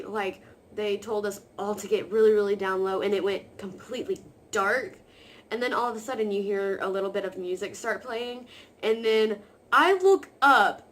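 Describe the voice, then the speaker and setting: A woman vlogger telling a story to camera in a rambling, excited way, full of "like" fillers. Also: a little high.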